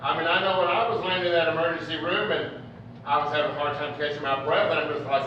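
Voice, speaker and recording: Man preacher, high bright voice, folksy joking sermon, booming echo, heard from afar. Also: fairly even intonation, quick pace, a little hiss or hum. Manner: conversational, joking, storytelling. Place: church hall. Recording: echoey, distant, dull church recording.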